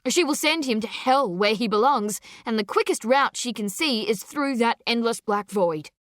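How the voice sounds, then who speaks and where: A woman narrating a dark story with dramatic, deliberate delivery. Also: a little high, expressive, no room sound, clean studio sound. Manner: slow, intense, deliberate delivery.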